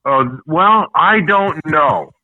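This Canadian man co-hosts a casual talk-show podcast, ranting bluntly and cursing freely. His fairly high voice is animated but slow, and the dry recording comes through a tinny, phone-like line.

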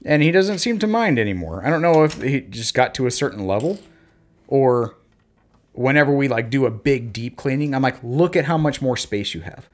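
A man in casual conversation, telling parenting stories and acting out talks with his kids in lively bursts. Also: mid-range voice, moderate pace. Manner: animated storyteller, acts out talks with his kids. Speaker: podcast co-host, parent. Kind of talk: casual chat.

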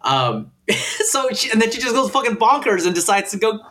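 A man's voice: high voice, big pitch swings, normal speed, fairly bright tone. A man chatting casually on a podcast, rambling with many restarts. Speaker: podcast co-host. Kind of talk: casual chat.

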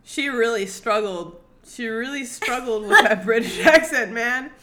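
A woman's voice: a little high, expressive, a little slow, fairly bright tone. A young woman co-hosting a podcast in casual chat, rambling with lots of filler words and casual swearing. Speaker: podcast co-host.

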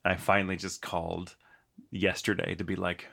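A man in his forties with a low, bright, forceful voice co-hosts a casual podcast chat. He tells his stories in an animated way and swears freely. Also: normal speed, vocal fry. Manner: profane, animated storyteller. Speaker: podcast co-host.

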